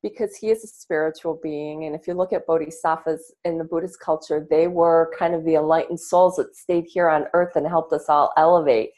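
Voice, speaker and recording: A woman's voice: deep voice, steady tone, a little fast, hardly any pauses, darkish tone. A woman guest on a podcast, talking in an earnest, reflective way and swearing casually, over earbuds on a video call. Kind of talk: casual interview talk.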